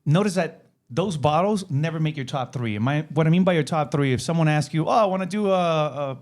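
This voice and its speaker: A man's voice: fairly high pitch, fairly quick, a little mellow. A man co-hosting a podcast, explaining things step by step and often checking in with "right?". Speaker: podcast co-host. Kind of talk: casual chat.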